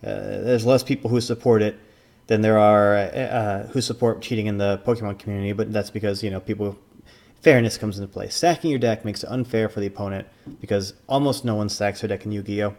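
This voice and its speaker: Low, gravelly man rambling. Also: fairly even intonation, brisk, darkish tone. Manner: rambling, with many fillers and restarts. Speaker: former tournament judge. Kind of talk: casual commentary.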